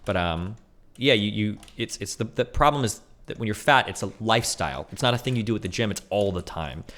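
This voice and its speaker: Fast, animated man ranting on stream. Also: lowish voice. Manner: fast, heated, profane arguing with animated mock voices. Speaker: streamer reacting to a debate. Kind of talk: casual livestream commentary.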